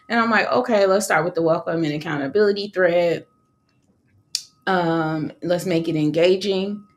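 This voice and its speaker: Chatty woman from California, lower voice. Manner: chatty, laughs often, slangy asides. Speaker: online course creator. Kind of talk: casual live-stream talk.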